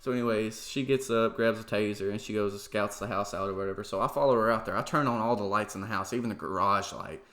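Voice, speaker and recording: A man's voice: fairly low pitch, quick pace, few pauses, fairly bright tone. A young man hosting a podcast, telling a story in casual chat with lots of "like" and "dude" and some swearing. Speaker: podcast host.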